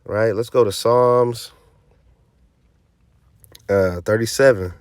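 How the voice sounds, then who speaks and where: A man's voice: fairly low pitch, takes it slowly, dry recording. A man preaching scripture informally, emphatic and streetwise, often tossing in "man" and "right?" and sarcastic asides. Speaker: teaching officer of a religious group.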